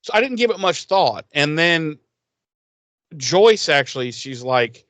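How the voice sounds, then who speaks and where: Male co-host, casual profane storyteller, slightly high pitch, dry recording. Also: unhurried, fairly bright tone, no room sound. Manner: loose, profane storytelling with frequent fillers. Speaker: podcast co-host. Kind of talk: casual chat recapping a TV episode.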